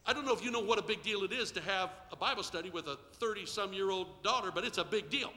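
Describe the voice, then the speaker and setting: High bright-voiced middle-aged preacher. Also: male voice, fast talker, long reverb tail. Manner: call-and-response preaching, swings from hushed to shouting. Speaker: pastor. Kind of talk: sermon. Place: church sanctuary.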